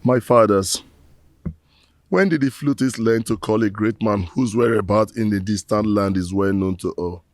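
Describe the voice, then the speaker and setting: A man's voice: fairly low pitch, moderate pace, no echo, natural voice. A Nigerian-accented actor playing a disgraced man who solemnly laments to his ancestors in proverbs, in a Nollywood film drama. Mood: pleading.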